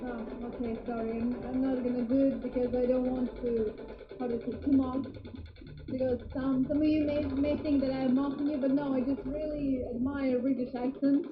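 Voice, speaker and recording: A woman's voice: high voice, little pitch movement, moderate pace. A woman hosting a live game show, announcing results upbeat and greeting players by name. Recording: roomy, dull studio sound with music. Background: music.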